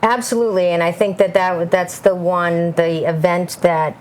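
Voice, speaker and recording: A woman's voice: fairly low pitch, steady tone, normal speed, darkish tone, slight background noise. A woman talking casually as an interview guest, with lots of fillers and an upbeat tone. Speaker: event managing director, guest.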